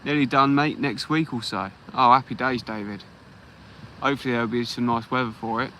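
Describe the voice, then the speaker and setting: A man's voice: mid-range voice, fairly even intonation, brisk, bright, forceful tone, a little hiss or hum, rough recording. An English man hosting a fishing livestream from the beach, chatting easily and greeting viewers by name. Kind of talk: casual live chat while fishing. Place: beach outdoors at night.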